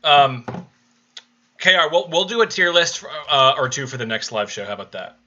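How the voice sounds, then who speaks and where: A man's voice: mid-range voice, big pitch swings, normal speed, sharp tone, dull audio. A man co-hosting a live stream podcast, chatting casually with hesitant restarts while running the chat.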